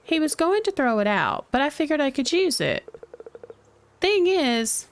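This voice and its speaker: A woman voicing a friendly, easygoing young villager in a cozy game, relaxed and chatty. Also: high voice, unhurried, pitched above the performer's own voice, full character voice.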